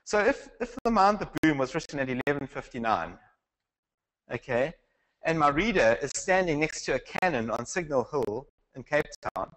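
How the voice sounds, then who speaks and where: A man's voice: fairly high pitch, lively intonation, normal speed, a bit bright, low-quality recording. A man teaching a Bible class in a conversational lecture style, asking the class questions and restarting his sentences. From South Africa.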